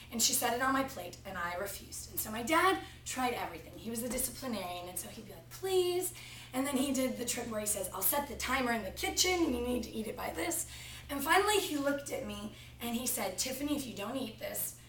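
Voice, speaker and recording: A young woman delivers a student sermon, easing into it with a lively family story. Her voice sits a little high. She is recorded from across an echoey classroom, with faint room hum behind her. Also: brisk, distant mic. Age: young adult. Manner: storytelling, animated retelling of family anecdote. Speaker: preaching student. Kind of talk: practice sermon.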